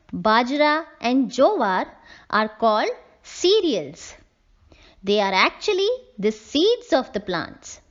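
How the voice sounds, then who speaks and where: A woman teacher, slowly explaining a textbook lesson to young children and spelling out words letter by letter. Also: on the high side, lo-fi sound. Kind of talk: classroom lesson reading from a textbook.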